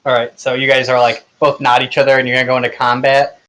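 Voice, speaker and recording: A man's voice: medium pitch, completely flat delivery, fast, fairly bright tone, poor audio. A man running a tabletop game online, narrating loosely with lots of filler words. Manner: loose, rambling, with many fillers. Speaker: game master.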